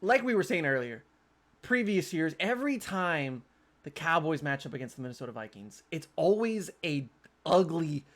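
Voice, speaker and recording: A man hosting a casual sports podcast, talking in animated, quick bursts with frequent restarts. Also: on the high side. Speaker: podcast host.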